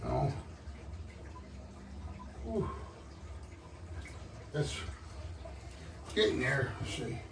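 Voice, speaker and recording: Breathless gravelly man muttering while working. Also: on the high side, lively intonation, recorded from a distance. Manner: halting, muttering to himself, trailing off. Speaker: hobbyist vlogger. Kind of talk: casual running commentary while working. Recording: roomy, off-mic, faint background noise.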